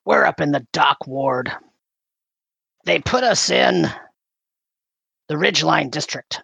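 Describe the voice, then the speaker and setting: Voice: mid-range voice, expressive, slow, gravelly, fairly bright tone, slightly rough, no echo, exaggerated voice. A game master voicing a weary, grim older man who leads refugees, speaking in short, blunt sentences in a tabletop game.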